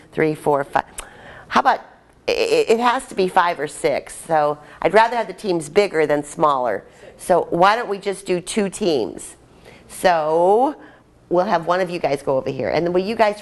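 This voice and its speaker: A woman trainer leading a live workshop, chatty and upbeat as she directs a group in a room. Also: on the low side.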